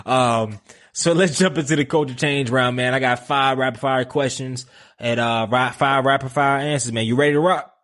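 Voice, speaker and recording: A man hosting a podcast, chatting casually and excitably, full of slang like man and bruh. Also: mid-range voice, moderate pace. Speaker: podcast host. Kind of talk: casual interview chat.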